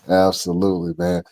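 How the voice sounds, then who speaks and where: Excitable podcast host man. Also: low voice. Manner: enthusiastic, laughs easily, slangy. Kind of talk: casual interview chat.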